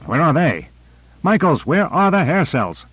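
A man's voice: on the high side, sing-song, measured pace, breathy edge, no room sound, voice pushed up, heavily acted. A determined man calls out urgently as he swims to a rescue, a male narrator lifting his voice for him. He sounds shaken but resolute. Dry, slightly dull recording. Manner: urgent, calling out.

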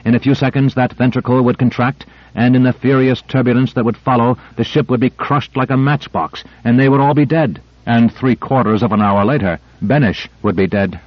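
A man reading an audiobook in a steady, measured narration. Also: medium pitch, dry recording, lo-fi sound. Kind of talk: scripted narration.

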